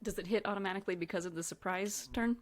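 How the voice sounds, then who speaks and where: A woman's voice: mid-range voice, quick pace, soft background music. A woman playing in a tabletop game, flustered and giggling as she talks. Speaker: player. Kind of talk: casual tabletop game chat.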